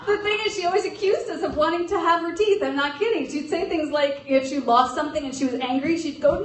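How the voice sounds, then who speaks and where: A chatty middle-aged woman tells a funny story to a live crowd, quick with a joke. Her voice sits high. She sounds roomy and a little far from the mic. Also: a little hiss or hum. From grew up in an Irish Catholic family. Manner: comic, chatty, laughs between lines. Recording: roomy hall sound from a distance.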